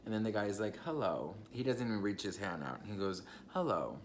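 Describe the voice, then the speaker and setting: A man's voice: lowish voice, fast, a little hiss or hum. A young man telling a personal story in a casual, chatty vlog, swearing freely and talking straight to his viewers. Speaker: vlogger.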